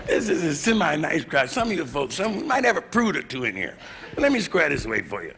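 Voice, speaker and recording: Stand-up comic, man in his fifties, gravelly raised voice that leaps around a lot, noisy live club recording. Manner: gravelly, bawdy, swings into loud high put-on voices. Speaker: stand-up comedian. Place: live club stage with audience.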